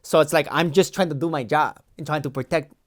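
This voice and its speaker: A man's voice: fairly high pitch, brisk, natural voice. A man in his twenties playing a defensive, boastful young Mexican-American immigration agent with a Los Angeles valley accent, talking in a rambling, slangy way in an improvised comedy sketch. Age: 20s. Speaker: podcast co-host.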